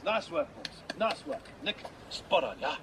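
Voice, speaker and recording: Rousing rugby coach with a put-on South African accent. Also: male voice, a little high, very animated, measured pace. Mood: encouraging. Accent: attempted South African. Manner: motivational, sentence-final "ya" tag. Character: male rugby coach, earnest, rousing speeches. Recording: noisy TV clip audio.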